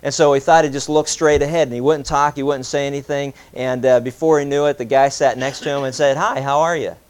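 A man's voice: mid-range voice, quick pace, clean tone. Man telling a sermon story. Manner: animated anecdote-telling, voicing both sides of a dialogue. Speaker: preacher.

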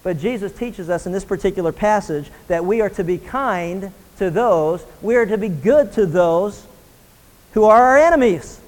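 High-voiced man preaching in a reverberant hall. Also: lively intonation, normal speed. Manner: earnest preaching, rising and pressing when emphatic. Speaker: pastor. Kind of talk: sermon.

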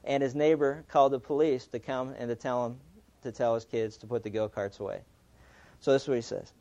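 A man's voice: medium pitch, steady tone, a little fast, mellow. A male preacher telling a story in a sermon, talking conversationally and reading quotes aloud. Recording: dull lo-fi recording.

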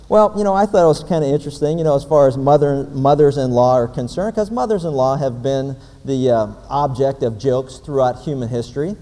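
A man's voice: medium pitch, brisk, hardly any pauses, dark tone. A man giving a sermon in a folksy, joking way, speaking directly to his congregation in a church. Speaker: pastor. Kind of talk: sermon with jokes. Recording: long reverb of a large hall.

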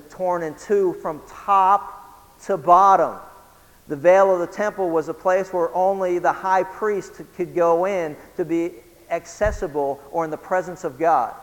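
A high-pitched male pastor delivering a sermon, punching some lines loudly and dropping others to a hush. He poses questions to his listeners and chuckles now and then. His voice trails off in the long reverb of a large hall. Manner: dramatic preaching, swings from loud emphasis to hushed.

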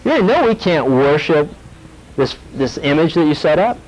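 A preacher voicing a firm, defiant captive. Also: male voice, on the high side, brisk, low-quality recording. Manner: calm, firm, matter-of-fact. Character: defiant young Hebrew captive, male.

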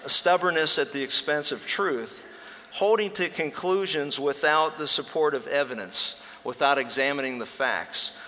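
Bright-voiced male preacher in a reverberant hall. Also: a little high, slight background noise. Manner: jokey storytelling, loud acted voices for characters. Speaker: pastor. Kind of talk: sermon with humorous stories.

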